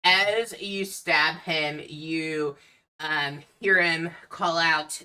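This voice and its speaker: A woman running a tabletop game as dungeon master, narrating slowly and laughing often. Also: low voice, fairly even intonation, pushed and bright.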